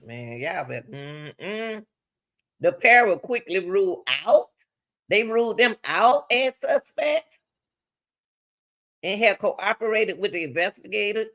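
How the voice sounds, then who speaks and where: A woman giving casual true-crime commentary, talking straight to her viewers with rhetorical questions and lively swings between high exclamations and low asides. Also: unhurried, highs cut off.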